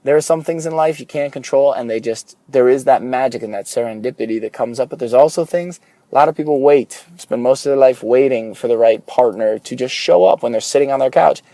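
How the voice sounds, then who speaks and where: A man's voice: mid-range voice, fairly quick, mellow, no echo. A young man hosting a podcast, talking earnestly and candidly while driving to work, with a curse now and then. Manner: earnest, candid, occasional swearing. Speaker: podcast host. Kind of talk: casual solo podcast monologue. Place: car on a morning commute.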